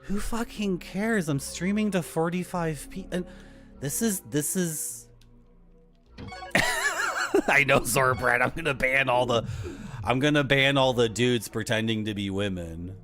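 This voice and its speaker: A man's voice: mid-range voice, a little slow, long pauses. A man streaming a video game, chatting casually, swearing and teasing his chat. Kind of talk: casual gameplay commentary. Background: game music.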